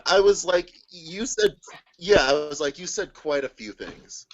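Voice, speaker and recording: Lively man telling a rowdy story. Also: on the high side, a little slow, lo-fi sound. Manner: animated, laughing often, acts out quoted people. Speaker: guest. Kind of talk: casual storytelling on a video call. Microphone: video call.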